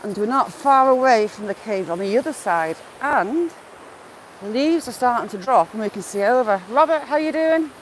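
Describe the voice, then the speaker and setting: This woman's mid-range voice sounds animated at a normal speed as she vlogs her riverside walk through the woods, chatting casually and greeting viewers by name. The audio is poor, with faint outdoor background noise.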